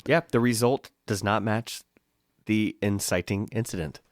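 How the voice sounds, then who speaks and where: A man's voice: lowish voice, a little slow, no room sound, studio quality. Wry man co-hosting a podcast. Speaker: podcast co-host. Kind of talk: casual podcast banter.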